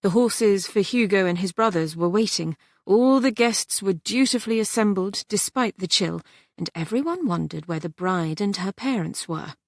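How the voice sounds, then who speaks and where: A woman narrating a historical romance audiobook in an even, measured storytelling style. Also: mid-range voice, no echo, clean studio sound.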